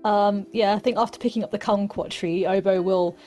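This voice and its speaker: A woman's voice: medium pitch, steady tone, fairly quick, a little mellow, soft background music. A woman describing her character's careful movements in a tabletop role-play, light and giggly. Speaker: player.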